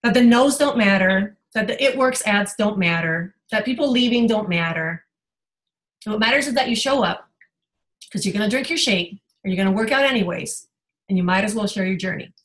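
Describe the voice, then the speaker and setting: A woman's voice: medium pitch, animated, moderate pace, fairly bright tone, low-quality recording. A woman health coach giving an emotional, rambling personal testimony on a team video call.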